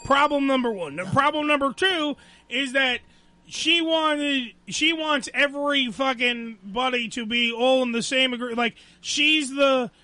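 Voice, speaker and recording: A man hosts a crude call-in radio show in a very high, bright voice. He swears freely and cracks jokes. His voice sounds dry and close. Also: unhurried, no echo. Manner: profane, joking, talks over the caller.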